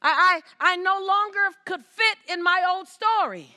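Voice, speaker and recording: Bright, high-voiced woman giving a stage talk. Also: unhurried. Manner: emphatic, repeats phrases, calls out to the audience. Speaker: motivational speaker. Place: stage before a live audience.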